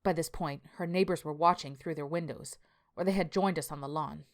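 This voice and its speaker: A man's voice: fairly high pitch, fairly even intonation, a little fast, close to an everyday voice. A woman voicing a tired male landscaper, telling his story in a plainspoken, confessional way. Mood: rueful. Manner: confessional, plainspoken first-person account. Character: weary male landscaper writing a journal.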